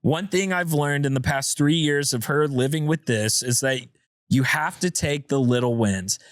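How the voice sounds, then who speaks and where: Animated man, slightly high, dry sound. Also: normal speed, dry recording. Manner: animated storyteller, reads listener messages. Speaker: podcast co-host. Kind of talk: casual chat.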